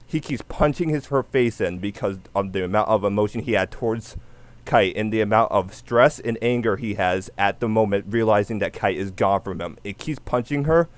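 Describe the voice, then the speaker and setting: A man on a casual panel, explaining his pick with a steady plot recap. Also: lowish voice, moderate pace.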